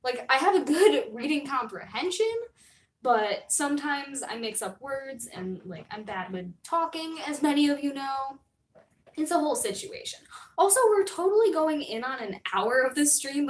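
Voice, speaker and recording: A woman's voice: sits high, animated, moderate pace, reverberant. A young American woman streaming, chatting casually in a rambling way, full of fillers and laughs. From United States.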